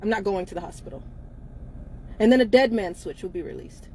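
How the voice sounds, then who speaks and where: A woman's voice: mid-range voice, a little fast, darkish tone, slight background noise. A woman co-hosting a casual live-stream chat from inside a car, blunt and emphatic, laughing often between her lines.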